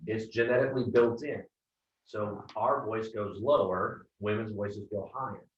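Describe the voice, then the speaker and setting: A male sales coach gives direct feedback, often checking for agreement. His lowish voice comes through far off in a roomy space, with dull, muffled sound. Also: measured pace. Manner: direct, keeps asking "right?".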